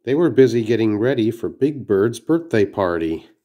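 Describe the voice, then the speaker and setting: A man's voice: lowish voice, big pitch swings, normal speed, dark tone. A man reading a children's storybook aloud, carefully, with small slips and restarts. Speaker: narrator.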